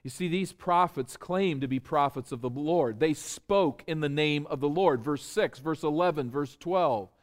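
A man's voice: a little high, unhurried, few pauses. A man preaching an expository sermon. He explains step by step and puts rhetorical questions to his listeners with emphasis.

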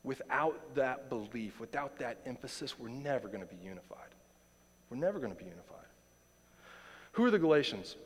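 A man's voice: mid-range voice, lively intonation, a little fast, breathy edge. A man preaching a sermon as pastor, earnest and emphatic, often repeating lines for stress. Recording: long hall reverb.

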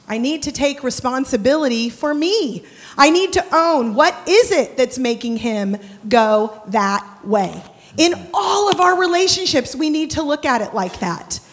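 A woman giving a sermon at a church service, telling personal stories with humor and imitating sounds. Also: high voice. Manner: animated, humorous, mimics sounds. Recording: long reverb of a large hall.

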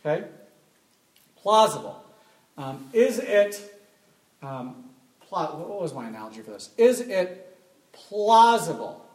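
A man speaking to a live audience, animated and emphatic, firing off rhetorical questions and repeating key points. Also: high-pitched, slow pace, long pauses. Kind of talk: live talk with call-and-response. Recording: echoey room.

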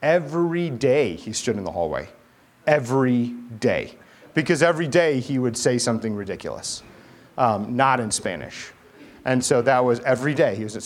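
Animated man preaching a sermon. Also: medium pitch. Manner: animated, acts out voices, asks the crowd questions. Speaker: pastor.

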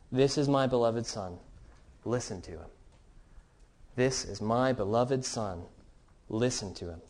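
A man preaching a sermon as pastor, earnest and questioning, with some restarts. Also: mid-range voice.

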